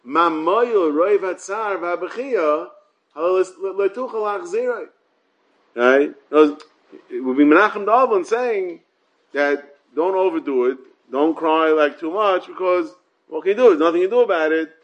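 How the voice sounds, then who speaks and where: Speaking at a moderate pace with a high, lively voice, this man teaches Torah through a casual English Talmud lesson. He mixes in Hebrew and Yiddish, often repeats himself, and keeps asking "yeah?" and "right?" as rhetorical check-ins. The audio is dull.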